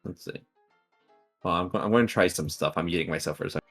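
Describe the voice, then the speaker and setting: Low-voiced hesitant game master. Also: male voice, fast talker, fairly bright tone, husky, soft background music. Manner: hesitant, thinking aloud with restarts. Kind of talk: casual tabletop game chat.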